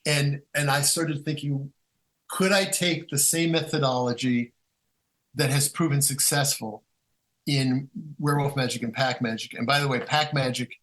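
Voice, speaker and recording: A guest author with a medium-pitched voice talks at a moderate pace, recorded in low quality. He tells rambling, casual stories with lots of restarts, lively and animated as he acts out quotes.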